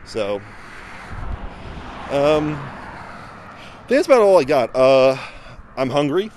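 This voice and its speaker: A man's voice: medium pitch, sing-song, slow pace, noisy background. A man giving a casual, rambling spoken review outdoors beside a road, full of fillers and restarts. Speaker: film reviewer. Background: passing vehicles.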